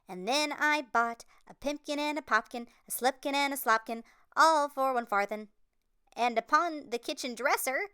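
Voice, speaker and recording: A woman's voice: high voice, moderate pace, pushed and bright, dry recording, studio quality, voice pushed up. Woman doing tiny twittering mice. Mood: cheeky. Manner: sing-song, twittering.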